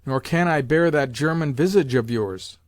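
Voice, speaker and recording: A man reading an audiobook, voicing an imperious, domineering old grandmother with a loud, sharp, commanding voice pitched above his own. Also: normal speed, no room sound, studio quality, natural voice.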